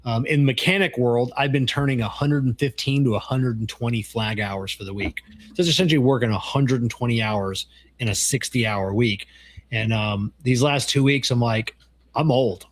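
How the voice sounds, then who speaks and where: A middle-aged man in loose podcast conversation, his voice at an ordinary middle pitch. He tells stories with animation, acting out the lines of others, and swears freely. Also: moderate pace. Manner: animated storyteller, acts out quoted dialogue, swears freely. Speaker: podcast co-host. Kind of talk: casual chat.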